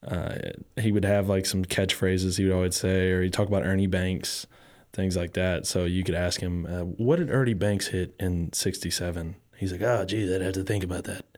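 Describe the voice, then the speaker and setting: Low-voiced relaxed man telling stories. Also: moderate pace. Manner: rambling, easygoing storyteller with many fillers. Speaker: podcast guest. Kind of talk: casual chat.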